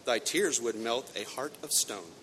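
A man's voice: animated, measured pace, a bit bright. A man reading a fairy tale aloud and voicing a talking male frog who bargains in old-fashioned, coaxing speech. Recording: echoey hall, faint rumble.

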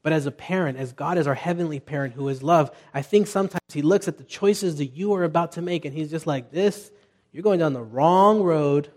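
A man's voice: on the high side, a little fast, darkish tone. A middle-aged man preaching a conversational sermon as pastor, telling family stories with restarts and asides.

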